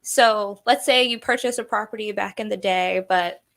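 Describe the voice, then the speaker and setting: A woman's voice: mid-range voice, moderate pace, vocal fry, a bit bright. A woman who specializes in first-time home buyers, a guest on a radio show, explaining things casually. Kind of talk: guest talk on a podcast.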